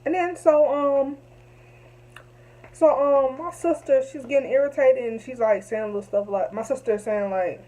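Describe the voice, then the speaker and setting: A woman's voice: high-pitched, normal speed, dark tone, rough recording. A young woman telling a story to camera, emphatic and repetitive, heated at times. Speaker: vlogger.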